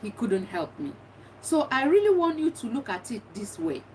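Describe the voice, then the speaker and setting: Middle-aged woman, earnest testimony, fairly high voice, recorded from a distance with faint background noise. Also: sing-song, moderate pace, a little mellow. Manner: earnest, repetitive, reflective. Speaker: speaker sharing personal grief story. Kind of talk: personal testimony monologue.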